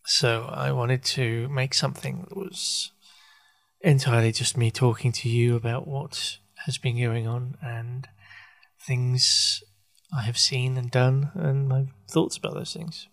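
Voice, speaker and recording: Rambling, halting man podcasting. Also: mid-range voice, little pitch movement, creaky. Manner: halting, full of fillers and self-corrections, wry. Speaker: podcast host. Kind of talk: rambling casual monologue.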